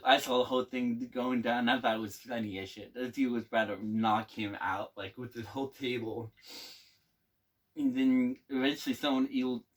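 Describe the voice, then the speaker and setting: A young man casually telling a boot camp storytime, rambling and laughing often, with casual swearing. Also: medium pitch. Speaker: navy veteran telling stories.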